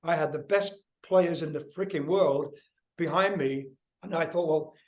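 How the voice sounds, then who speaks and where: Older man telling stories with animated energy. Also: fairly high pitch, moderate pace. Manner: animated, swears freely, acts out voices in anecdotes. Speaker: guest musician. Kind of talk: casual storytelling interview.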